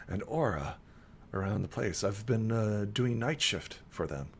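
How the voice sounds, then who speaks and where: Polite, hesitant innkeeper woman, a man putting her on; lowish voice over a faint rumble. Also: expressive, a little slow. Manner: hesitant, with fillers. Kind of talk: tabletop role-play voicing a character.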